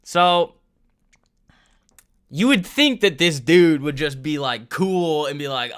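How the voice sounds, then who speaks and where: Animated, bright-voiced man telling stories. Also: a little high, slow pace. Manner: rambling, animated storytelling with laughs and self-interruptions. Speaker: livestream trading host. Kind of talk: casual storytelling on a livestream.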